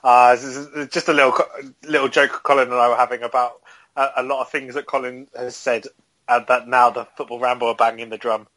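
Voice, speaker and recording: A man's voice: mid-range voice, level tone, a little fast, fairly bright tone. A man on a football podcast panel, teasing the others in a casual way.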